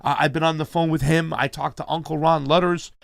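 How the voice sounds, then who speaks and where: A man's voice: a little high, level tone, a little fast, gravelly, no echo, studio quality. A man hosting a casual livestream, upbeat, thanking donors and urging viewers to share. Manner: hyped, reads donor names, calls viewers fam. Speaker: livestream host.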